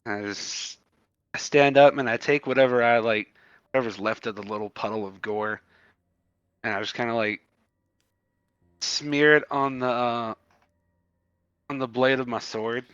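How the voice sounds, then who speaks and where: Smooth-voiced man, many fillers. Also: medium pitch, measured pace, pauses often, fairly bright tone, no echo. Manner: loose, filler-heavy storytelling with many "like"s. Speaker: player. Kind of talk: in-character tabletop narration. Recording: dull, dry lo-fi mic.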